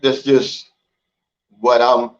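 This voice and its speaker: A man's voice: medium pitch, monotone, drawn-out words. A man hosting a livestream, talking in a blunt, folksy, opinionated way in casual chat. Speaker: livestream host. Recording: dull lo-fi stream audio.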